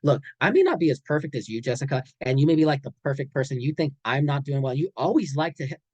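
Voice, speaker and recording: A man's voice: medium pitch, expressive, quick pace, a little mellow, breathy edge, no room sound. A man voicing a defensive teenage boyfriend who snaps back in a snippy, accusing way during a role-play demonstration. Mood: defensive, irritated.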